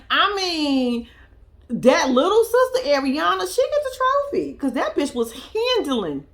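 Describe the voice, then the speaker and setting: Young woman ranting bout a reality show, high voice, swoops all over, cussing and laughing a lot. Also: moderate pace. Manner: animated, profane, laughing storyteller. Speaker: reality TV reaction vlogger. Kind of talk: casual reaction commentary.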